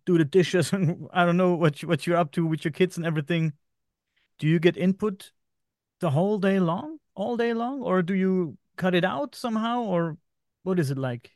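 A male interviewer with a fairly high voice, easygoing and reassuring. He asks rambling, curious questions in a casual way. The sound is dry and close. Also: normal speed, darkish tone, no echo.

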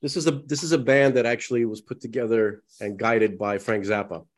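A man's voice: medium pitch, steady tone, fairly quick. A man co-hosting a casual podcast chat, rambling and emphatic, with a slight lisp, talking to the listeners as folks. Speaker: podcast co-host.

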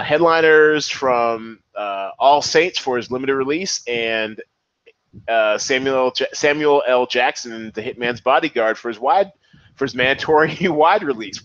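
Animated man hosting a podcast. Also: mid-range voice, no room sound. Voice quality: excitable, animated. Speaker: podcast host. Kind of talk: casual commentary. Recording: dull, slightly lo-fi, dry.

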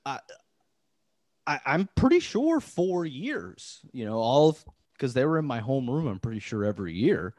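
A man's voice: mid-range voice, dry recording, studio quality. A man hosting a podcast, telling a story in casual chat, rambling with lots of "like" fillers and restarts. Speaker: podcast host.

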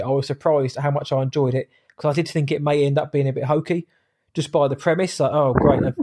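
A British man co-hosting a casual podcast chat, rambling and quick to laugh. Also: a little high, darkish tone. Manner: rambling, chatty, laughs easily. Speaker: podcast co-host.

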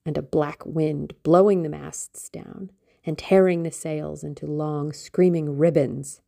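A woman narrating a classic novel in a measured, expressive reading. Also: fairly low pitch, creaky. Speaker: audiobook narrator.

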